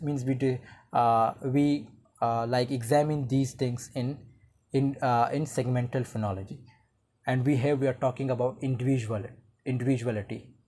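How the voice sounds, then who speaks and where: A teacher delivers an explanatory online lecture in a mellow, dark-toned voice at an ordinary middle pitch. The explaining goes step by step, with frequent restarts and "uh, like" fillers between points.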